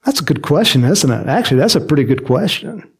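Animated, gravelly preacher with a jokey manner. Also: male voice, a little high, quick pace. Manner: animated and jokey, acts out quotes, frequent chuckles and asides. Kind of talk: sermon, Bible teaching.

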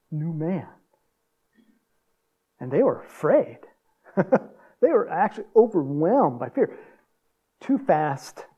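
Gravelly folksy male preacher. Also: warm tone. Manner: folksy, chuckling, acts out quotes in a higher voice. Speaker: pastor. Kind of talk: sermon.

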